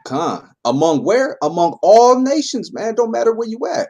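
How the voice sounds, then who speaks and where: A man teaches a Bible class informally, reading verses and explaining them in a relaxed, conversational manner. His voice is a little high and moves at a moderate pace with hardly any pauses. He keeps checking in with listeners by tagging lines with "man" and "right?"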